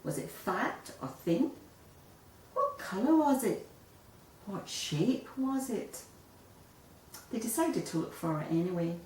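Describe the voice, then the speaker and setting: A woman reading a children's picture book aloud in an expressive storytelling manner. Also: medium pitch, takes it slowly, long pauses, slight background noise. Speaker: storybook reader. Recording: echoey room, voice a bit far off.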